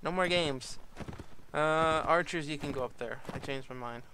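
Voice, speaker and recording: A man giving casual gameplay commentary, chatting, laughing often and yelling orders at his troops. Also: mid-range voice, normal speed, a little hiss or hum. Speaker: gaming YouTuber.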